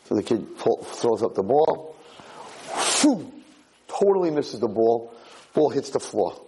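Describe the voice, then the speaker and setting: A man's voice: medium pitch, big pitch swings, slow pace, background noise. A tired man teaching an informal Torah class, telling a joke in a chatty, storytelling way. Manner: chatty storyteller, acts out the characters. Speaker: rabbi giving a Torah class.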